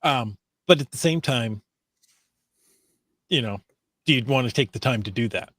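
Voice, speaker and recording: A man's voice: mid-range voice, animated, moderate pace, a bit bright, no room sound. A man co-hosting a casual podcast, reading out listener comments with dry, understated asides. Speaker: podcast co-host.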